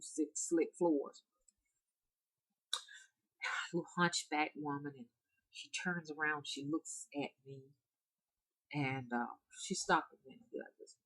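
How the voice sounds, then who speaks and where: A woman spiritual reader softly and hesitantly telling her viewers a story, with frequent restarts. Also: sits low, poor audio. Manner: soft-spoken, hesitant, with restarts.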